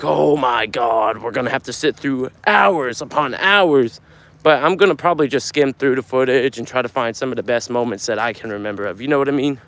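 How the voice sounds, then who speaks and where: A young man chatting on a casual live stream, reading out viewer comments and telling stories in an animated, foul-mouthed way. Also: medium pitch. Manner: animated storyteller, swears a lot, gets loud when telling a story. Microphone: phone camera.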